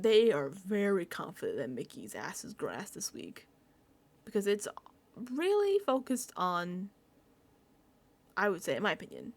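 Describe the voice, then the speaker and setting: Lively, expressive woman recapping. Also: medium pitch. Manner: animated, profane, frequent laughter. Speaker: reality TV recap vlogger. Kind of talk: casual recap commentary.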